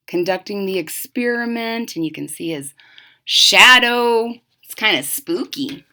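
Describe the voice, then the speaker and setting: A young woman reading a picture book aloud to children, acting out the words and stopping to explain what the pictures show. She speaks very slowly, with a lively rise and fall. Her tone is bright and sharp. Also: mid-range voice. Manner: expressive storytelling with explanatory asides. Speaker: storybook reader.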